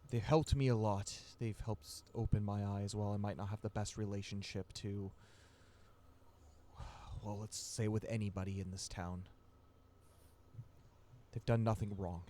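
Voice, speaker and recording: A man's voice: lowish voice, mellow, a little hiss or hum, close to an everyday voice. A man voicing an earnest young man who has come home, speaking in a heartfelt, apologetic, pleading way.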